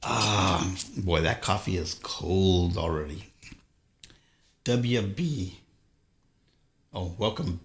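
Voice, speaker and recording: Deep and expressive, this man speaks extremely slowly and pauses often while hosting a live music stream. He rambles easily with viewers between songs, cutting himself off now and then, as acoustic guitar plays behind him in a roomy space.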